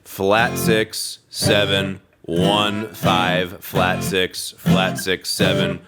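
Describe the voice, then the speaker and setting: Male reaction host, slightly low voice, eager and foul-mouthed theory talk over a loud song. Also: monotone, drawn-out words, over loud music. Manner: enthusiastic, profane, explains theory terms. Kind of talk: casual music analysis over a playing track. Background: loud rock song playing.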